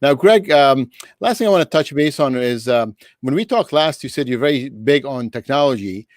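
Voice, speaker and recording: A man running a casual interview over a video call. He is friendly and sums up his guest's points back to him. His voice sits at an ordinary pitch and sounds dry and close. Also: lively intonation, moderate pace, no room sound. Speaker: interview host.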